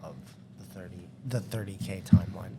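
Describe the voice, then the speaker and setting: A man co-hosting a casual podcast, speaking quietly and trailing off, away from the mic. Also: deep voice, fairly even intonation, brisk. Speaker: podcast co-host. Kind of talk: casual chat. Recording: distant mic, noisy room.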